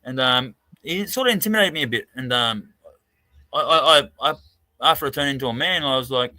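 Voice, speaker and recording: A man's voice: medium pitch, lively intonation, a little fast, pushed and bright, no echo. An Australian man swearing freely as he tells a rambling story in a casual live-stream chat over a video call. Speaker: co-host.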